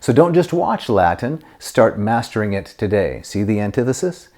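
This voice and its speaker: A middle-aged man teaching Latin grammar, explaining step by step and reading Latin phrases slowly and clearly. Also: lowish voice, sing-song, a little mellow. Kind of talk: grammar lesson to camera.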